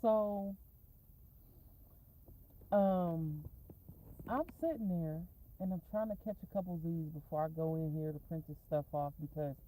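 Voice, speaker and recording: Woman, casual vlogger; low-ish, warm voice; swears freely, drifts off on tangents. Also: unhurried, long pauses, slight background noise, poor audio. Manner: rambling, profane, tangent-prone, laughs often. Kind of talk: casual rambling storytime vlog. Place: in a parked car.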